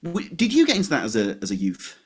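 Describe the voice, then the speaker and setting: A man co-hosting a podcast in casual chat, animated and quick to laugh at his own jokes. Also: fairly high pitch, slightly rough. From West Yorkshire, England. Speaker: podcast co-host.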